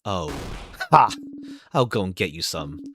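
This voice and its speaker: A man reading the lines of a cool, dry woman researcher in a video game, voicing her low and quiet. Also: very animated, unhurried, noisy background, heavily acted.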